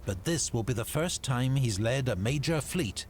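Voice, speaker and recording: A man giving a measured, dramatic scripted narration for a history documentary. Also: mid-range voice, lively intonation, noisy background. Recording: documentary clip played back with music. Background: music.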